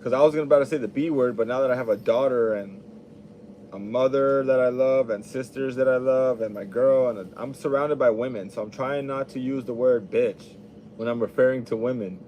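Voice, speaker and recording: A man's voice: mid-range voice, a little fast, dull audio, a little hiss or hum. A young adult man hosting a podcast, talking casually in a rambling, profane, laid-back monologue.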